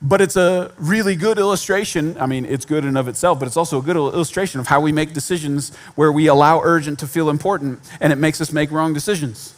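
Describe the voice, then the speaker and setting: A man's voice: on the high side, fast talker, few pauses. A man giving a sermon in a conversational way, with self-deprecating humor and repeated points for emphasis. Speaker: pastor.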